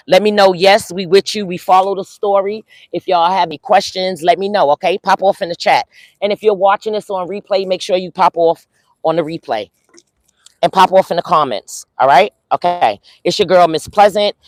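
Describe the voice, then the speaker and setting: A woman's voice: fairly low pitch, no echo. A tired woman hosting a casual live recap, chatting with her viewers while walking outdoors and holding her phone, full of ums and you-knows. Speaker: livestream host recapping a court day. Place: outdoors, walking near a courthouse.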